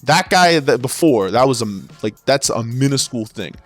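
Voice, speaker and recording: A man's voice: mid-range voice, expressive, normal speed, dry recording, soft background music. A man ranting about his years working in sales, exasperated and swearing as he rambles through stories and restarts. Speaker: former sales associate. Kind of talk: profane ranting monologue.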